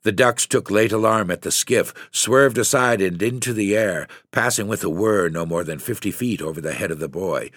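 A man reads a literary story aloud at a measured pace. His voice sits very low and steady. The recording is dry and close, with no room sound at all. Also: dry recording. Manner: measured, lifting into character voices for dialogue. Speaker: narrator.

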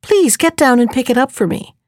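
A woman's voice: high voice, animated, fairly quick, dry recording, clean studio sound. A woman reading aloud, voicing a sly young princess who feigns dismay. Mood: feigned dismay.

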